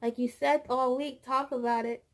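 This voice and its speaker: Gravelly-voiced woman telling a rambling story. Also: high voice, steady tone, normal speed. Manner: rambling, repeats words, acts out quoted dialogue. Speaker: vlogger; childcare teacher. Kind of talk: casual storytelling vlog.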